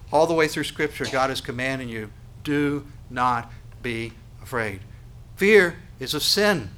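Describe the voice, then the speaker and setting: A man preaching a sermon, emphatic and full of rhetorical questions, swinging from quiet to loud. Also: a little high. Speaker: pastor.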